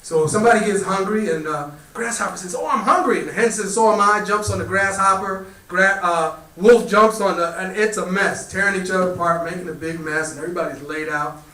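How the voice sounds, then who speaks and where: Man, spiritual teacher, live talk, bright voice, roomy echo, distant mic. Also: high-pitched, fairly quick, few pauses. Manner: relaxed storytelling, lively quoted animal voices. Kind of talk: storytelling talk to a live audience. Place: community hall, live gathering.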